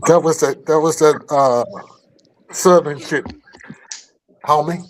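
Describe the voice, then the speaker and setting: An older man co-hosting a casual morning show, ranting loudly and joking with heavy cursing. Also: a little high, steady tone, takes it slowly, slight background noise, poor audio. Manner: loud, profane, joking rants. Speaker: co-host.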